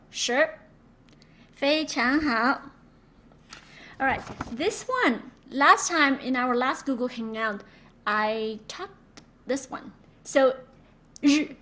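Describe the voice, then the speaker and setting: A woman with a high-pitched, slightly bright voice teaches Mandarin pronunciation online, recorded on her own microphone. She patiently demonstrates sounds and repeats words for students to copy.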